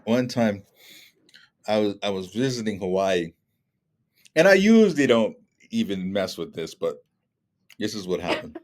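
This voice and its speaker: Lowish in pitch and a little slow, this middle-aged guest speaker pauses often as he spins stories in relaxed conversation. He animates them by voicing the other people in them with changing tones.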